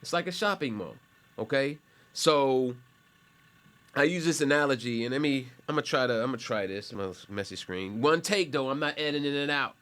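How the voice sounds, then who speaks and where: A man's voice: medium pitch, lively intonation, normal speed, fairly bright tone. A male college instructor explaining a topic casually while clicking through websites, with a rambling, conversational delivery full of asides and self-corrections. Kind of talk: casual classroom explanation while screen sharing.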